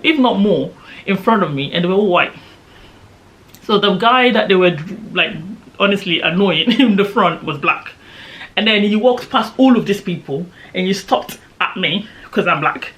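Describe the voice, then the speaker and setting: A woman's voice: mid-range voice, fairly bright tone. A woman, a vlogger animatedly retelling a travel story with emphatic, indignant asides. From Nigeria. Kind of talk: storytime vlog.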